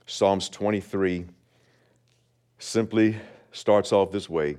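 A pastor preaches a sermon in a lowish, slightly mellow voice, measured and deliberate. He slows down on key phrases and leads the congregation in responsive reading.

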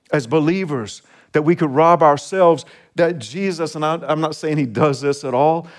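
A man preaching a sermon, his voice sitting a little higher than most men's. He talks in an earnest, repetitive way, with small chuckles between phrases, and keeps building in intensity. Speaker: pastor.

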